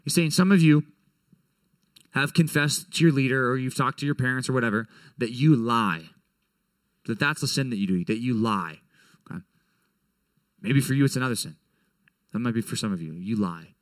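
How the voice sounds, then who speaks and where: A man preaching a sermon to young people in a conversational, animated way, often checking in with "right?". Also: medium pitch, moderate pace, long pauses, dry recording.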